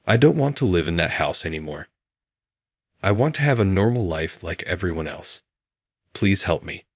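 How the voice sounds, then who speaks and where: A man voicing a struggling young female coworker who speaks softly and apologetically. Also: low-pitched, lively intonation, normal speed, no echo, clean studio sound. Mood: tearful. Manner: apologetic, soft-spoken. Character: struggling young woman coworker, timid and tearful.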